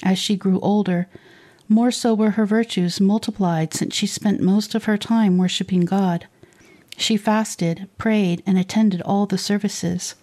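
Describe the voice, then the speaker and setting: A woman reading a saint's life aloud for children, in a slow, measured storybook narration. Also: medium pitch, steady tone, mellow. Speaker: reader of saints' lives for children.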